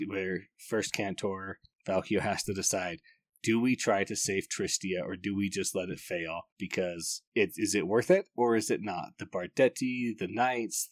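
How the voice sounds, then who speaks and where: A man's voice: on the low side, no room sound, studio quality. A man giving a casual, enthusiastic book review, rambling and often restarting his sentences.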